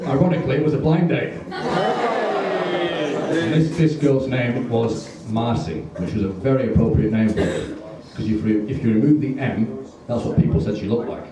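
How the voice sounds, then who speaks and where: British man doing deadpan stand-up. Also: medium pitch, heavy background noise. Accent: British English. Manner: deadpan storytelling with punchline pauses. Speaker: stand-up comedian. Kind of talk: stand-up comedy set. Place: comedy club stage with audience. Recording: roomy live club audio from a distance. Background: audience laughter.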